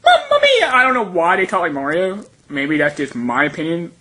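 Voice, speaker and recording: A man's voice: fairly high pitch, moderate pace, bright, forceful tone. A young man in a played clip of his own rant video, rambling crudely and offhand.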